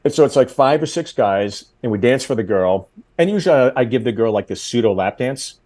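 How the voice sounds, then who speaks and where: A comedian in his forties telling a story in casual chat, getting loud and high when he acts out quotes. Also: animated, a little fast. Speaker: comedian guest.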